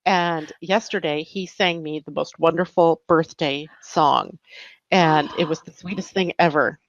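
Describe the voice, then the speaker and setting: A woman's voice: deep voice, fairly even intonation, a little slow, no room sound. Chatty woman host on muffled audio. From US West Coast. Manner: chatty, upbeat, laughs easily. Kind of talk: casual live-stream chat.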